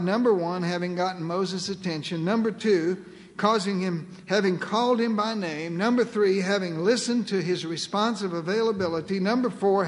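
A man preaching a sermon as pastor, earnest and emphatic, slowing down and repeating key phrases. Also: sits high, long reverb tail.

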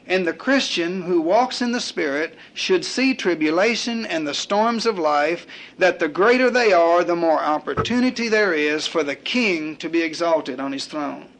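A man's voice: on the high side, expressive, normal speed, few pauses, fairly bright tone. A man preaching a sermon, building his points through rhythmic repetition and acting out quoted prayers and complaints.

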